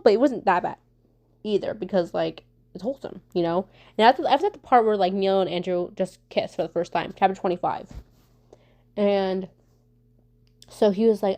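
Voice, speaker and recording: A woman vlogging casually for her viewers, talking fast and stumbling over her words, with lots of fillers and restarts. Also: mid-range voice. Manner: fast talker who stumbles and stutters; many fillers and restarts, animated storytelling. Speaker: vlogger answering viewer questions. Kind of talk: casual rambling chat.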